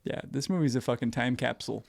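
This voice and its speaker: A man's voice: mid-range voice, quick pace, creaky, no echo. A man co-hosting a casual podcast, tossing in dry wisecracks and quips. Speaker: podcast co-host. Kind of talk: casual chat.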